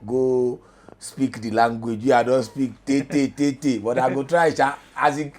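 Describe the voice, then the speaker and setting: A middle-aged man with a Nigerian accent, a journalism lecturer talking as a studio guest in pidgin, animated and emphatic. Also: mid-range voice, unhurried. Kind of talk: studio talk show in pidgin.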